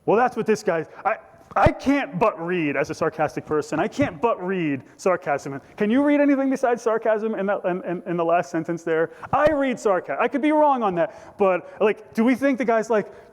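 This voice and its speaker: A man preaching a conversational, jokey sermon as pastor, acting out voices from the scripture. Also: a little high. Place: church sanctuary. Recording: church hall reverb.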